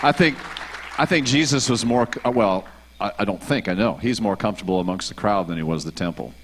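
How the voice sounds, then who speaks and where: A man with a lower voice interviews a guest on a church stage. He is thoughtful and affirming and often reworks his sentences as he speaks. A faint crowd and some light noise sit in the background. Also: brisk. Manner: thoughtful, self-correcting, affirming.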